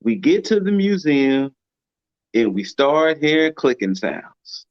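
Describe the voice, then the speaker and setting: A man's voice: fairly high pitch, big pitch swings, takes it slowly, no echo, highs cut off. A man co-hosting a podcast in casual chat, with a laid-back manner and free swearing. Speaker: podcast co-host.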